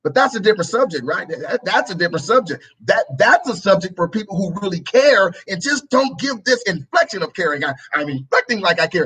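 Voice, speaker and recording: Preachy man with a husky high voice. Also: sing-song, a little fast, few pauses, pushed and bright, rough recording. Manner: preachy, repeats phrases, plays out both sides of an argument. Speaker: talk show host. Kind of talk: political commentary monologue.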